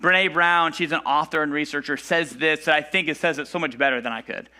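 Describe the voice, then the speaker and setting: A pastor preaches a casual church sermon, talking conversationally with plenty of fillers and acting out the voices of Bible figures. His voice is fairly high and bright with a forceful tone, fast delivery, and fairly even intonation.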